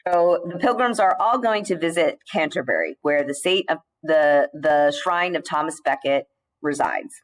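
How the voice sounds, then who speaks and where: A woman teacher giving a recorded slide lecture, explaining in a measured way with the odd filler and restart. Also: low-pitched, poor audio.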